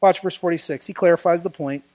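A man's voice: fairly high pitch, steady tone, fast talker, darkish tone. A man preaching a sermon in a conversational style, acting out the voices he quotes.

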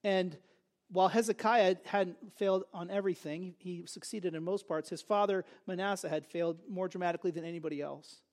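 Animated, high-voiced man teaching Scripture. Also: a little fast. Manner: conversational, animated, asks and answers his own questions. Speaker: Bible teacher. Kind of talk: verse-by-verse Bible teaching.

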